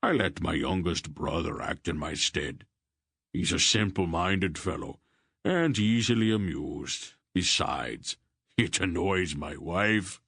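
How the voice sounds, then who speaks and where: A man reading the part of a gruff warrior earl who waves off his own titles. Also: deep voice, animated, slow pace, fairly bright tone, no room sound, clean studio sound, full character voice. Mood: dismissive.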